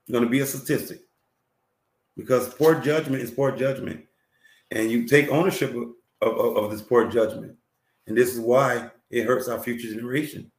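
A male talk show host giving emphatic, preachy relationship advice, repeating phrases and often clearing his throat. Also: medium pitch, fairly even intonation, moderate pace, reverberant.

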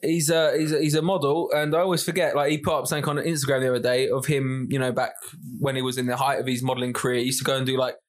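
A man's voice: mid-range voice, flat delivery, very fast, hardly any pauses. A man co-hosting a podcast, rambling and joking in a stop-start way. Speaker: podcast co-host. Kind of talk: casual chat.

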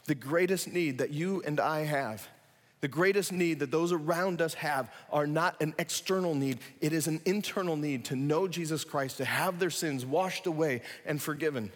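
A man preaching a sermon, animated, acting out scenes with sudden loud excited bursts. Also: on the high side, normal speed, big-room sound. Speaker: pastor.

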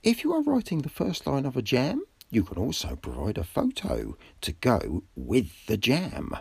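Woman, radio announcer, low deep voice, swoops in pitch, music underneath. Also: wildly swooping pitch, normal speed, creaky, darkish tone, husky, no echo. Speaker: radio announcer and app reviewer. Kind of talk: scripted announcing over music. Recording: music bed behind voice.

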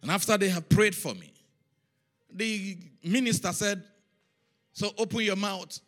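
A man preaching with a high, ringing, bright voice. He tells his story in an animated way, repeating phrases and chanting syllables for emphasis. Faint music plays softly behind him. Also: measured pace. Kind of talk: sermon.

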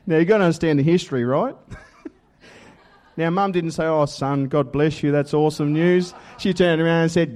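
A man with an Australian accent giving a lively testimony sermon, telling stories with laughter and loud acted-out quotes. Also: fairly high pitch, fairly quick. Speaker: preacher.

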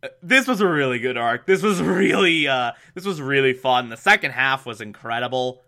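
A man's voice: medium pitch, expressive, normal speed, gravelly, sharp tone. A man hosting a podcast, recapping an episode in a casual, chatty way, laughing often and adding mocking asides. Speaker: podcast host.

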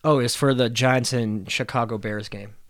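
A young man rants casually on his own podcast, wandering from tangent to tangent with plenty of profanity and laughter. His voice has a middling pitch and is recorded dry and close, with no room sound. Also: steady tone, moderate pace, a bit bright, dry recording. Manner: rambling, profane, laughs often. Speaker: podcast host. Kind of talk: casual solo podcast rant.

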